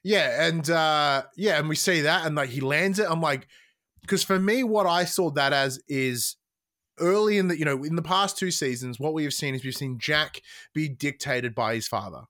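Podcast host: man, higher register, excitable and animated, swears freely, frequent restarts. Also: moderate pace. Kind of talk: casual podcast chat.

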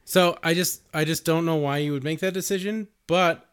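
A man's voice: on the high side, steady tone, normal speed, fairly bright tone, clean tone. Rambling, swearing podcast man. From United States. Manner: rambling, swears, laughs often. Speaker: podcast co-host. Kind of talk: casual movie review chat.

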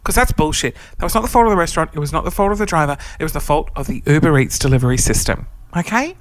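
A man's voice: fairly high pitch, expressive, very fast, no room sound. A man telling a story in casual chat, dramatic and sweary, acting out his own angry rants.

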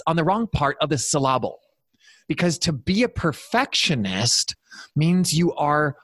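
A man's voice: fairly high pitch, big pitch swings, normal speed, fairly bright tone, no echo. A man speaking as a guest on a podcast, enthusiastic and jokey in casual interview talk. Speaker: podcast guest, performance strategist.

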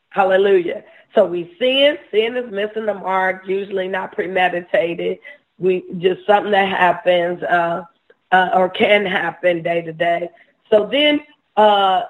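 A woman preacher giving a sermon, often repeating words and restarting her sentences, with soft laughs between points. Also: mid-range voice. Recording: tinny phone-like sound.

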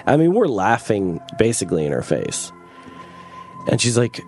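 A man's voice: on the low side, sing-song, moderate pace, a little mellow, soft background music. A man casually telling a long personal story in an interview, swearing freely and filling his speech with "like". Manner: rambling, profane, fillers like "like", laughs often. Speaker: interview guest.

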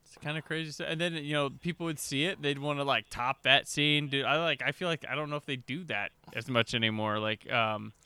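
A man's voice: medium pitch, fairly quick, sharp tone, smooth, dry recording. A man co-hosting a casual movie commentary, enthusiastic and full of filler words. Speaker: podcast co-host.

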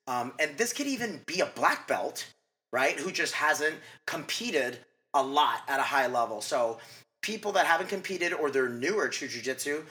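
A man as a mindset coach guest in a casual interview, talking fast and rambling with lots of "like" and restarts. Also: medium pitch, pushed and bright.

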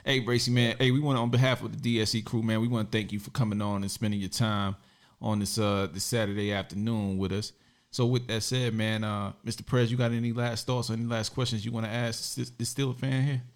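A man's voice: lowish voice, flat delivery, fast. A man hosting a casual sports podcast, laid-back and bantering. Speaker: podcast host.

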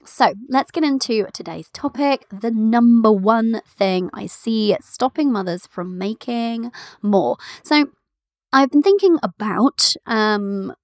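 A woman in her thirties talks through a casual solo podcast episode with a bright, higher-pitched voice. She is chatty and affectionate, laughing easily and speaking to listeners like friends. The recording is dry and close to the mic. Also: slow pace, no echo. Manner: chatty, giggly, affectionate, addresses listeners as "my love". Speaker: podcast host and business coach for mothers.

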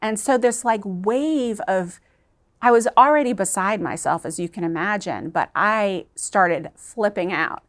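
Earnest woman telling a painful story. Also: mid-range voice. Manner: earnest and emotional, halting at times. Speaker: interview guest. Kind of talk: emotional personal storytelling in an interview.

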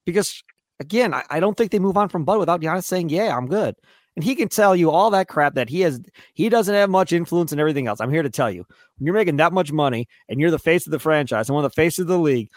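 A man co-hosting a sports radio show, ranting excitedly and slipping into mock voices of players. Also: high voice, dry recording, clean studio sound. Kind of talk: animated sports radio rant.

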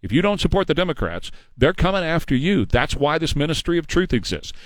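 A man's voice: on the high side, very animated, a little fast, no room sound. A man hosting a talk radio show in a studio, emphatic, ranting and sarcastic.

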